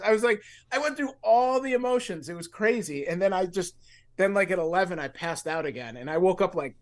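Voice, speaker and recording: A man with a higher-than-usual voice tells a long personal story on a casual podcast. He talks loosely, full of fillers and restarts, and acts out his own past thoughts in lively bursts. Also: fast. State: grieving. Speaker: podcast co-host.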